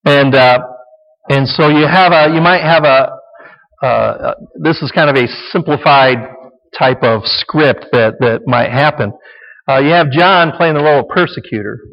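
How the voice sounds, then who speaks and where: A man's voice: mid-range voice, measured pace. A man teaching a sermon in a conversational, folksy way, often checking in with "okay?". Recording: dull lo-fi sound with long hall reverb.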